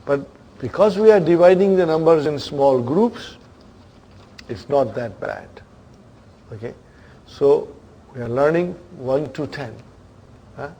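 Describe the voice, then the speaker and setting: Slow-paced patient male teacher. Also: a little high, expressive, mellow. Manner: patient, repeats words slowly, checks in with students. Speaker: Arabic teacher. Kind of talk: classroom lesson.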